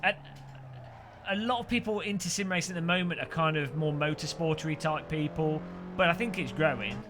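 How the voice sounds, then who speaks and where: A man's voice: a little high, a little fast. A man with a Midlands accent chatting and joking on a live stream while racing. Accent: English Midlands. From English Midlands. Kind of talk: live gaming commentary. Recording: noisy with race car sounds.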